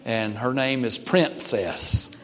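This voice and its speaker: An older man with a Southern American accent preaches to a congregation, his voice mid-pitched and easygoing. He slips in playful jokes and rises to emphatic bursts. Long reverb from a large church hall trails each phrase. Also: slow pace, a bit bright, a little hiss or hum. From Southern United States. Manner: folksy, joking, builds to emphatic bursts. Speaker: visiting Baptist preacher. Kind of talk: sermon with humorous asides.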